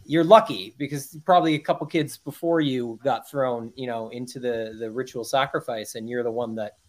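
Podcast guest, man, mid-pitched, earnest and emphatic, restarts often. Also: normal speed. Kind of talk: podcast interview.

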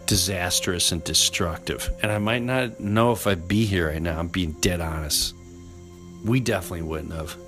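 A man hosting a podcast, telling a personal story in an earnest, animated way and slipping into voices for the people in it. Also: low-pitched. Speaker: podcast host.

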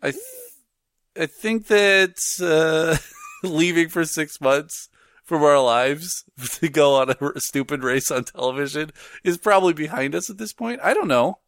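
A man co-hosting a podcast in casual chat, animated and laughing often. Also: fairly high pitch, unhurried, dry recording, clean studio sound. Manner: animated, laughs often, does silly voices in stories. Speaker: podcast co-host.

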